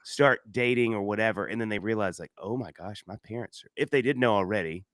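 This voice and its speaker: A man's voice: fairly low pitch, fast talker, fairly bright tone, dry recording, studio quality. A man hosting a casual conversation who tells stories with lots of laughter and acts out the people he quotes in raised voices. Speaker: podcast host.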